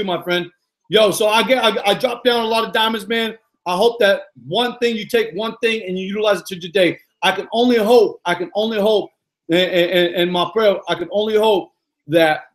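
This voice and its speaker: A man's voice: high voice, a bit bright. A middle-aged man, a motivational coach, talking live to viewers in an exuberant, repetitive way full of slang fillers.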